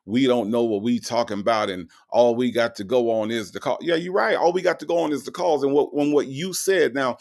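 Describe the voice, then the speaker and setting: A man's voice: medium pitch, brisk, creaky, hardly any pauses, a little mellow. A man hosting a show, mocking and emphatic as he reacts to recorded calls and reads viewer comments aloud.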